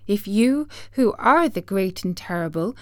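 A woman reading an audiobook voices a young girl who is distressed and pleading, her voice raised high and upset. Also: expressive, unhurried, no echo, clean studio sound, natural voice. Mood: tearful.

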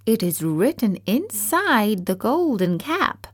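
A woman voicing a small, kindly queen mouse in a storybook reading, calm and helpful. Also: mid-range voice, slow pace.

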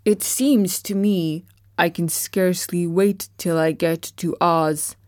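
A woman voicing a longing, plaintive tin man in a storybook reading, speaking slowly. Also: fairly low pitch, steady tone, a little mellow, dry recording, clean studio sound.

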